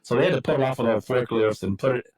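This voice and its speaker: A man's voice: mid-range voice, quick pace, darkish tone, rough recording. A swearing middle-aged man spinning stories. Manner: swears freely, acts out quotes, rambling. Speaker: podcast guest, football coach. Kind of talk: casual storytelling.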